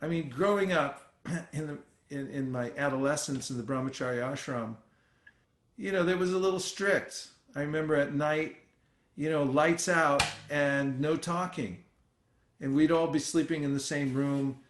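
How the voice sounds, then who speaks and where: A man leading an informal scripture class, talking in a relaxed, conversational way with many fillers and restarts. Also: a little high, normal speed. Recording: roomy echoey sound.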